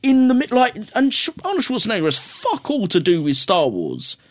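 A man's voice: high-pitched, huge pitch swings, normal speed, no room sound, studio quality. A man co-hosting a casual film review podcast, rambling, swearing and laughing at his own jokes. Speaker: podcast co-host.

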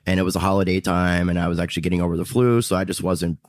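Low-voiced man rambling in a dry room. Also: little pitch movement, very fast, no echo. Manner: rambling, repeats himself. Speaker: YouTuber guest. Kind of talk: casual interview chat. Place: restaurant VIP room.

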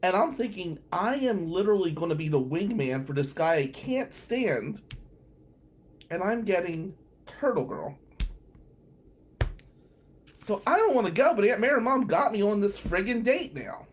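Male host, 40s, sarcastic comic storyteller, very lively delivery. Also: high-pitched, moderate pace, a little hiss or hum. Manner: sarcastic, animated. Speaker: podcast host. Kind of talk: comedic storytelling.

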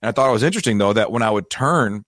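A man hosting a financial advice show, telling a self-deprecating story in a lively, casual way. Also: on the low side, very fast, dry recording, clean studio sound. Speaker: financial advisor and show host.

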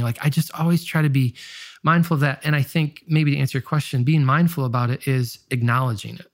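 This man's mid-range voice runs a little fast with fairly even intonation, captured in echo-free studio quality. As a pastor and musician with a nasal Michigan accent, he speaks reflectively and frankly in a casual interview, second-guessing himself and restarting sentences often.

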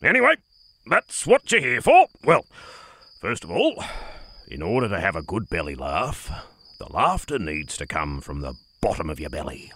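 A man reading a storybook, voicing a strict male dog teacher who talks gruffly and slangily. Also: low voice, wildly swooping pitch, normal speed, fairly bright tone, no echo, voice pushed down, exaggerated voice. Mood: stern. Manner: gruff, slangy, calls others mate.

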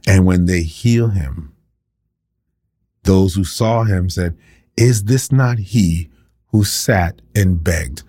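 A man's voice: deep voice, slow, long pauses, warm tone, no room sound, clean studio sound. A man preaching a sermon with passion, acting out the voices of the people he quotes.

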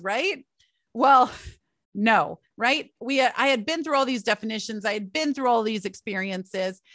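A woman in her forties telling personal stories as a podcast host, chatty and animated, speaking straight to her listeners. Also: medium pitch, dry recording, studio quality. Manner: chatty, animated, laughs often, addresses listeners directly. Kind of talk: personal storytelling monologue.

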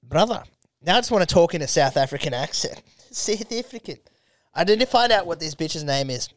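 A man's voice: fairly high pitch, expressive, a little fast. A young Australian man, a podcast co-host, in crude comedy banter, swearing often and laughing between lines.

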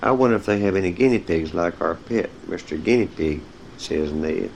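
A man with a somewhat low voice reads picture-book stories to young children. He talks to his listeners directly and tells them when to turn the page. A faint noise sits under his voice. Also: lively intonation, normal speed, creaky, poor audio. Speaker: storyteller. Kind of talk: reading children's stories aloud.

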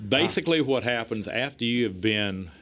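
A middle-aged man telling stories in a casual chat, animated and chuckling, acting out the lines he quotes. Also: mid-range voice, normal speed.

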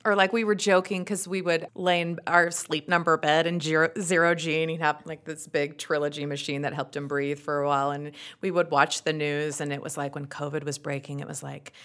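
Brief: woman guest with a Utah accent, low-pitched, frank and wry, candid storytelling. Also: flat delivery, fairly quick, hardly any pauses, fairly bright tone. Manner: frank, wry, trails off into quoted asides. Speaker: podcast guest.

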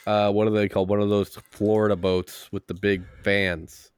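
A man's voice: lowish voice, little pitch movement, normal speed, clear, resonant tone. Jokey male podcast co-host. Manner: playful, jokey, slips into silly voices. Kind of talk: casual comedic chat.

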